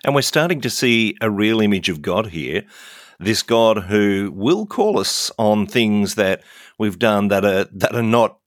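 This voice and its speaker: A male interviewer frames his questions with thoughtful, measured reflection. His voice sits slightly low, and the recording is dry and close. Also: expressive, no echo. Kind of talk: faith podcast interview.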